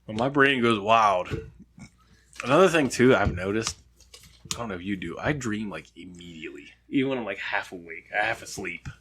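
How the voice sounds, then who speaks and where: A man's voice: fairly low pitch, moderate pace, breathy edge. A man co-hosting a live podcast, telling stories in casual chat, swearing freely and acting out the people he quotes. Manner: animated storyteller, swears a lot, acts out quotes loudly. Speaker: podcast co-host.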